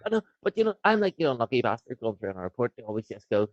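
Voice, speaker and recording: A man's voice: medium pitch, sing-song, rapid-fire, dry recording. A man co-hosting a casual podcast, rambling through crude anecdotes. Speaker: podcast co-host. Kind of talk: casual chat between mates. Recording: dull, dry lo-fi sound.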